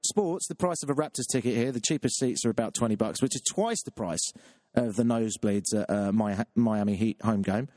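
A British man hosting his own show, doing a self-mocking comic rant that keeps jumping up into a high squeaky voice. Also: a little fast, warm tone, no room sound, studio quality. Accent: British English. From Britain. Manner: exasperated, self-mocking, jumps into a high squeaky voice when riled. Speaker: show host. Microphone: webcam setup.

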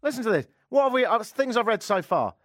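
A man's voice: extremely high pitch, lively intonation, quick pace, a bit bright, no echo. A man hosting a radio talk show from a studio mic, reading odd news stories and cutting in with sarcastic, jokey asides. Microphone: studio microphone.

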